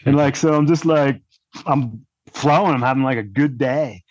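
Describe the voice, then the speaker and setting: A man's voice: medium pitch, moderate pace, no room sound. Rambling man with dull lo-fi sound. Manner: rambling, heavy use of "like" fillers. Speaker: podcast guest. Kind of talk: casual storytelling. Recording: dull lo-fi dry audio.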